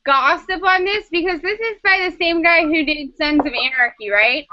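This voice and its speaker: A woman co-hosting a casual podcast, talking in an excitable, gushing way. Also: very high-pitched, moderate pace. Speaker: podcast co-host. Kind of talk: casual panel chat. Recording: dull lo-fi sound.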